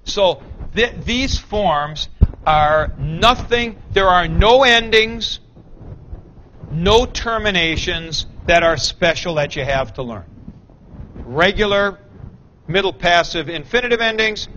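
High bright-voiced man lecturing slowly. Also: expressive, dull audio, a little hiss or hum. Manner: explains patiently, recites forms, corrects himself aloud. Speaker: Greek teacher. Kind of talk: classroom lecture. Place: classroom.

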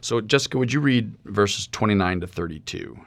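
A man's voice: lowish voice, animated, fairly quick, a bit bright, no room sound. A middle-aged man from St. Louis, a seminary professor, thinking aloud with fillers while discussing sermon plans on a podcast. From St. Louis, USA.

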